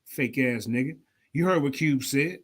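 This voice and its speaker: A man hosting a livestream debate show, ranting in a profane, confrontational way. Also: medium pitch. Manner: profane, confrontational, fast-talking. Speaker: show host. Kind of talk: heated livestream rant.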